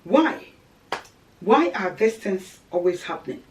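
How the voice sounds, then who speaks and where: Female preacher, earnest and exhorting, medium pitch, recorded from a slight distance. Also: big pitch swings, takes it slowly, darkish tone, a little hiss or hum. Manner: earnest and exhorting, repeats key phrases. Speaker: Christian teacher on marriage. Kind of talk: preaching-style marriage advice.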